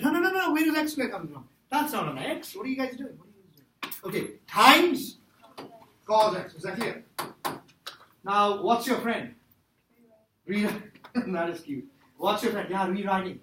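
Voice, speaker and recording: A man lectures a math class in a high, bright voice, pressing his points again and again and firing questions at the students. He is recorded from a distance in an echoey classroom with a faint hiss. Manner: emphatic, repeats himself, quizzes students. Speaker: math teacher.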